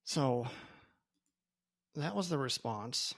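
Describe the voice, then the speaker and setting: Man, podcast host, solo storytelling, gravelly, casual, chatty asides. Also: mid-range voice, animated, slow pace. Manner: conversational, loose, with frequent "okay?" asides.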